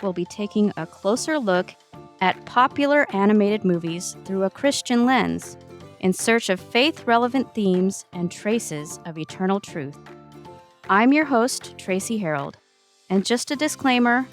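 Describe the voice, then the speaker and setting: A woman hosting a podcast, reading a script in an earnest, enthusiastic way. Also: medium pitch. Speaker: podcast host.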